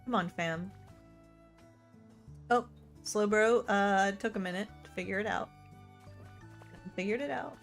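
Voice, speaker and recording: A woman in a casual let's-play stream talks to her in-game companions. She is chatty and excitable, and she swings between gushing and muttered grumbling. Soft game music plays faintly behind her voice. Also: mid-range voice, measured pace, vocal fry, long pauses. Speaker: gaming streamer.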